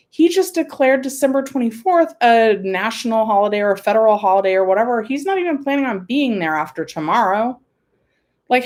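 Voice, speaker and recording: A woman hosting an emotional home livestream, rambling and frustrated, close to tears, talking into a computer mic. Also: on the high side. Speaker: livestream host. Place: home room.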